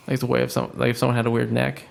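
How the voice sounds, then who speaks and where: A man co-hosting a podcast in casual chat, throwing in dry quick jokes. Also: medium pitch, completely flat delivery, creaky. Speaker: podcast co-host.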